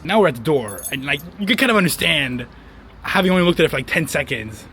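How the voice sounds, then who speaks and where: A man's voice: on the high side, very animated, fast talker, fairly bright tone, slight background noise. A young man chatting casually to a handheld camera as a travel vlogger, swearing often and rambling through his stories. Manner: profane, rambling storyteller.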